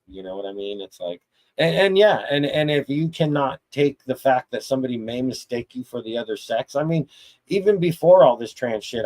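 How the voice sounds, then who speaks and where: A man's voice: medium pitch, darkish tone, poor audio. A middle-aged man hosting a live chat stream, talking bluntly and profanely in a rambling, casual rant full of restarts.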